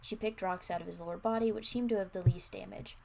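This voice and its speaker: A woman's voice: mid-range voice, steady tone, quick pace, gravelly, a little mellow, a little hiss or hum. A young adult woman reading her own old story aloud, breaking off for wry, self-mocking comments. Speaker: streamer. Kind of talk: reading aloud with casual asides.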